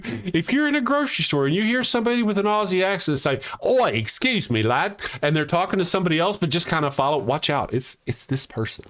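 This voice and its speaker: A man's voice: a little high, a bit bright. A man hosting a casual live-stream show, rambling and joking, laughing often at his own jokes and teasing viewers as he reads their comments. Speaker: livestream host.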